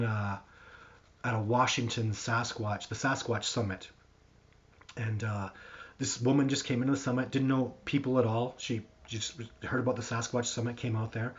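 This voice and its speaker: A man hosting a live stream, answering viewer questions in a rambling, animated storytelling way with lots of restarts. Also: mid-range voice. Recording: dull lo-fi stream audio.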